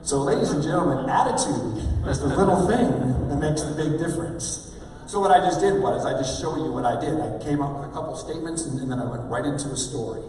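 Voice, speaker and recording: A man giving an energetic motivational talk on stage, calling for replies from the audience. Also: fairly high pitch, a little fast, hardly any pauses. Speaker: motivational speaker. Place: large hall with a live audience. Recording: echoey hall, mic at a distance.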